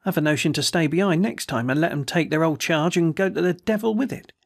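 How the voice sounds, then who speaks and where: A man's voice: on the high side, fast, creaky, voice pushed up. A man voicing an aggrieved young male soldier who grumbles and complains in a storybook reading. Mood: indignant.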